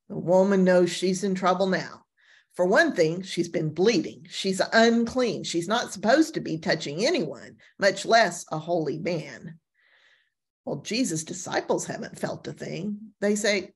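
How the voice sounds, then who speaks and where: Gentle, lively woman pastor teaching. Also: lowish voice, unhurried, breathy edge. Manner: storytelling with lively emphasis, casual fillers. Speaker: pastor teaching a Bible class. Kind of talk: gentle Bible class teaching.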